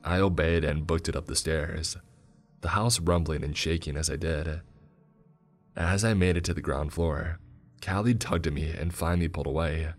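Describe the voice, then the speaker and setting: A man narrating a horror story in a steady, grave tone. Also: extremely low pitch, normal speed. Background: soft music.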